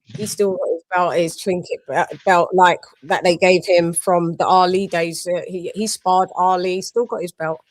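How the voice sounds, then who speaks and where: A woman hosting a casual boxing stream, telling lively stories and swearing freely. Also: on the low side, normal speed, no room sound. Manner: animated storyteller, swears freely, acts out quotes. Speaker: host. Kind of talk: casual chat on a livestream.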